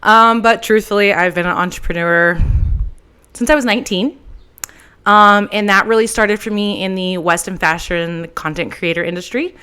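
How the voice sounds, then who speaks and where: A woman's voice: mid-range voice, normal speed, sharp tone, clean tone. A woman in her twenties from Texas, hosting her own podcast and talking casually into a handheld mic, chatty and frank with the odd swear word. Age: 20s. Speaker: podcast host. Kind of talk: casual solo monologue. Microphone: handheld microphone.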